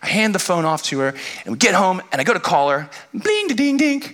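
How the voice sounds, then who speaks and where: A man's voice: on the high side, quick pace, a bit bright. A man in his thirties, a pastor telling a self-deprecating story in his sermon, acting out his exasperation in bursts.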